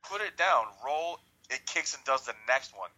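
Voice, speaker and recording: A man's voice: mid-range voice, animated, moderate pace, sharp tone, rough recording. A man telling a rambling, profane, jokey story in casual chat.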